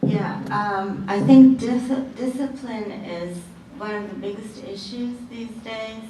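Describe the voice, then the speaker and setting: A woman panelist answering an audience question in a measured way. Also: fairly high pitch, dark tone. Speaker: workshop panelist. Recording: very echoey hall, distant mic, noise.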